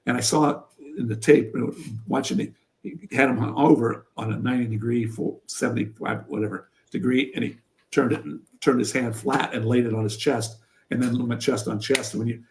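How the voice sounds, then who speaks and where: An older man from Pennsylvania, a former wrestler and coach, telling stories in an interview with lively energy. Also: medium pitch. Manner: animated storyteller who acts out what others said. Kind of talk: storytelling in an interview.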